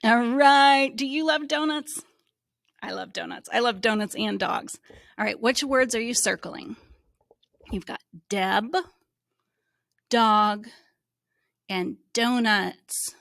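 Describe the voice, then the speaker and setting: A woman who teaches reading, giving a slow, encouraging phonics lesson to young children and sounding out letters. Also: on the high side, a bit bright, dry recording, studio quality.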